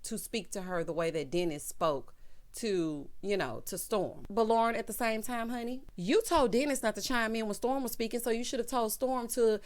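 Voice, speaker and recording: A woman's voice: fairly high pitch, moderate pace. A woman giving casual, gossipy commentary on a reality show, talking straight to her viewers in a sassy way. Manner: sassy, gossipy, addresses viewers as honey and child. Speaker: TV recap vlogger.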